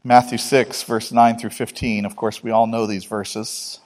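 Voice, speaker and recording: A man's voice: fairly low pitch, flat delivery, unhurried, few pauses, a little mellow. A man preaching a sermon in an earnest, conversational way, telling personal anecdotes.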